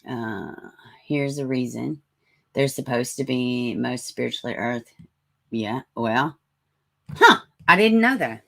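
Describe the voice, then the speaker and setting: Low raspy-voiced woman streamer. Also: lively intonation, takes it slowly, pauses often, fairly bright tone. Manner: chatty, greets viewers by name, asks for prayers. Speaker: livestream host. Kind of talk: casual live-stream chat, reading comments and news.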